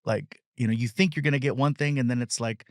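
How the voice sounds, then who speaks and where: A middle-aged man, a comedian guest on a podcast, telling stories in relaxed chat and slipping into voices of the people he describes. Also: mid-range voice, quick pace, no echo, studio quality. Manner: storytelling, many fillers and restarts, mimics other people. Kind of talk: casual interview chat.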